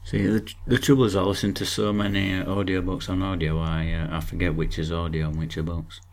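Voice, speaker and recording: A man co-hosting a podcast in casual chat, deadpan and grumbly. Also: sits low, a little fast. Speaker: podcast co-host.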